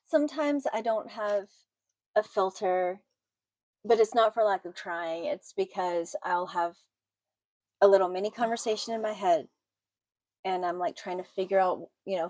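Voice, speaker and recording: A woman's voice: mid-range voice, normal speed, a little mellow, dry recording. A middle-aged woman co-hosting a podcast, talking bluntly with hesitant fillers. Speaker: podcast co-host. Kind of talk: casual chat.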